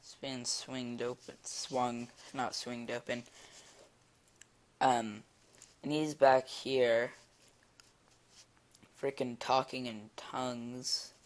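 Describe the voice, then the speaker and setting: A teenage boy telling a story in a casual vlog, rambling and excitable, with many fillers. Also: medium pitch, very slow, pauses often. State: eating while talking. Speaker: vlogger. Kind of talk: casual storytelling while drawing.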